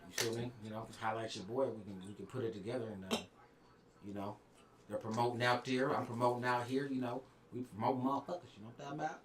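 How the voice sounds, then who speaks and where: A man's voice: medium pitch, steady tone, fast talker, echoey room. A man hosting a live stream, talking in a laid-back, slangy way. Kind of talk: casual live-stream chat.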